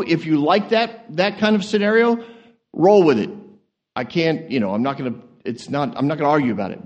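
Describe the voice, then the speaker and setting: A man preaching a sermon as an animated, joking storyteller, swinging from quiet asides to excited peaks. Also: a little high.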